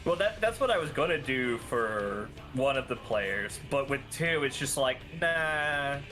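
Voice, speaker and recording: A man from the American South chatting casually as a stream host. He rambles, restarts his sentences and swears easily, at a middling pitch, with faint music playing behind him. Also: animated, unhurried, pushed and bright. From Southern United States. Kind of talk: casual chat while gaming.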